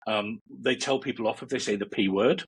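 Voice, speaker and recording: A man's voice: mid-range voice, brisk, husky, rough recording. A man, a meditation teacher, chatting as a guest in a casual interview, rambling with fillers and often laughing. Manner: rambling, many fillers and restarts, laughs a lot.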